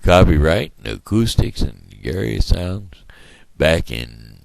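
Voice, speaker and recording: A man's voice: deep voice, big pitch swings, slow, gravelly, darkish tone, no room sound. A man talking in a casual, rambling monologue for his daily video blog, folksy and chatty.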